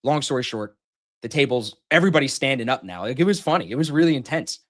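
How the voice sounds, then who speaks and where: A man tells a casino story in loose, profane podcast chat. His pitch sits in the middle of the male range, and he jumps up loudly whenever he acts out what he said at the table. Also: expressive, quick pace. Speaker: podcast host telling a story. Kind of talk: casual chat.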